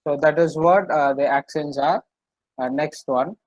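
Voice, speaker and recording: A man's voice: a little high, measured pace, no room sound, low-quality recording. A man teaching French in an online class, explaining patiently, repeating himself and using many fillers over a video call.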